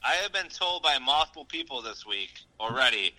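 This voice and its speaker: Bright, animated male co-host. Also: mid-range voice, fairly quick, rough recording. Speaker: podcast co-host. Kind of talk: casual chat.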